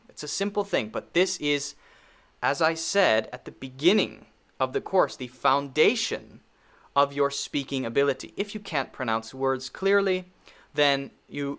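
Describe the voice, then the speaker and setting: Slow, deliberate male pronunciation teacher. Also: medium pitch, a bit bright. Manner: slow, deliberate, repeats words for drill. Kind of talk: recorded pronunciation lesson.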